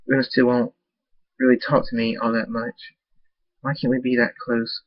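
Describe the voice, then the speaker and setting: A man's voice: medium pitch, little pitch movement, moderate pace, dry recording, natural voice. A man reading as a sad pony princess. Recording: dull lo-fi dry recording.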